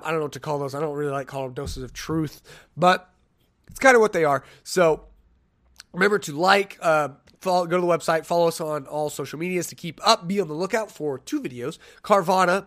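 A man hosting a solo sports podcast, chatting casually, rambling and joking at his own expense as he thinks out loud. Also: on the high side, brisk. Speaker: podcast host.

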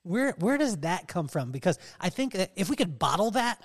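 A man's voice: sits high, normal speed. A man hosting a podcast in casual chat, telling stories animatedly and laughing often. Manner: animated storytelling, mimics others' voices. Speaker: podcast host.

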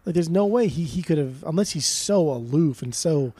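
Husky, swearing podcast guy. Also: a little high, moderate pace. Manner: animated, swearing, mocking. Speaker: podcast co-host. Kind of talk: casual chat.

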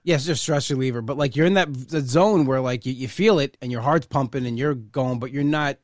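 A man talking casually in a relaxed, self-deprecating, halting way. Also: mid-range voice, dry recording, studio quality. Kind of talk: casual chat.

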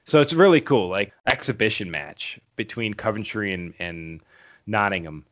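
A man's voice: lowish voice, lively intonation, normal speed. A man co-hosting a sports podcast, explaining teams in an easygoing way with many fillers. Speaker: podcast co-host. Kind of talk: casual sports chat. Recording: dull lo-fi podcast audio.

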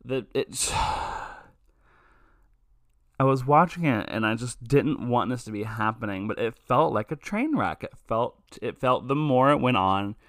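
In a dry recording with clean studio sound, a man offers a rambling, profane film review for a podcast, often breaking off mid-sentence. His voice is medium-pitched, a bit bright and a little slow.

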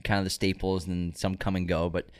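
Low-voiced man rambling casually. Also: little pitch movement, quick pace, smooth. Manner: rambling, full of fillers and restarts. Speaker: podcast host. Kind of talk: casual chat.

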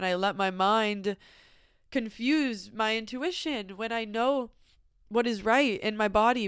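A woman's voice: medium pitch, a bit bright, smooth, no room sound, studio quality. A young woman in her twenties hosting a podcast, talking in a casual, reflective monologue full of fillers. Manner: chatty, many fillers, laughs easily. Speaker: podcast host.

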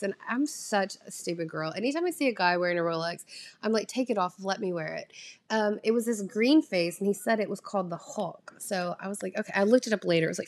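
A young woman talks straight to camera in a loose storytime vlog. She rambles, full of "like" and "um" and the odd swear. Her voice sits in an ordinary middle pitch. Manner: chatty, animated, lots of fillers and swearing. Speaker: vlogger.

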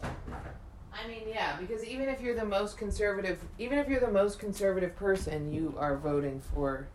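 A young woman from upstate New York chatting casually as a co-host, blunt and animated, swearing freely. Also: medium pitch, moderate pace. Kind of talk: casual chat. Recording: faint background noise.

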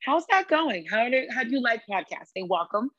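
A woman's voice: fairly high pitch, big pitch swings, fairly bright tone, no room sound, dull audio. Chatty woman podcast host, dry sound. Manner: chatty, quick quips and laughs. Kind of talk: casual chat.

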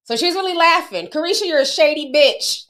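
A woman's voice: high-pitched, animated, brisk, fairly bright tone. A middle-aged woman hosting a casual livestream, chatting with her viewers and laughing often. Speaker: livestream host.

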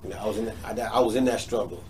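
A man's voice: fairly low pitch, fairly even intonation, racing, darkish tone. A man being interviewed as a comedian, talking casually, repeating himself and agreeing eagerly. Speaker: comedian guest. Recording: distant mic, faint background noise.

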